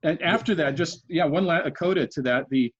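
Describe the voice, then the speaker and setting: A man's voice: on the high side, brisk, breathy edge. A man in his sixties, a podcast guest, earnestly recounting events step by step in conversational storytelling, often restarting his sentences. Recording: dull lo-fi audio.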